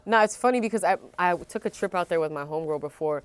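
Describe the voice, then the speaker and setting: Woman from vancouver on a podcast, tells stories all animated, swears a lot, lowish voice. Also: fast, clean tone, dry recording. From Vancouver, Canada. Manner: candid, animated storyteller with frequent profanity. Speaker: podcast guest. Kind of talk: casual chat.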